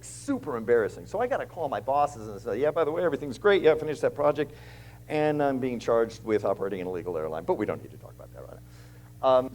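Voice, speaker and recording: A man's voice: mid-range voice, darkish tone, a little hiss or hum, low-quality recording. A man, a guest speaker at a church, telling his story with animation and acting out the other people's lines. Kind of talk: storytelling testimony.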